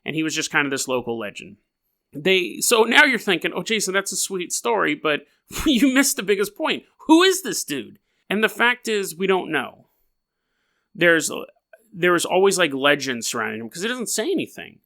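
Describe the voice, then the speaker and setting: A young man hosts his podcast in a loose, rambling storytelling style, breaking off for jokey asides. His voice sits a little high and rings bright and forward. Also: very animated, normal speed. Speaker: podcast host.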